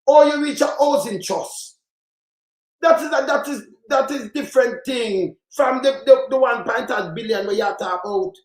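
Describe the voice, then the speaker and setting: A man's voice: very high voice, moderate pace. Angry Jamaican man ranting in a roomy echo. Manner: angry, rambling, swears, mixes in patois. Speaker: channel host. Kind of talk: heated political rant. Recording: roomy echoey sound.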